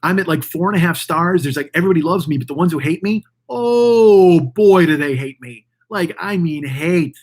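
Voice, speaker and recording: A man's voice: fairly high pitch, a little fast, few pauses, slightly rough. A man hosting his own show, ranting in a profane, rambling, mocking way. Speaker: podcast host. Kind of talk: casual ranting monologue.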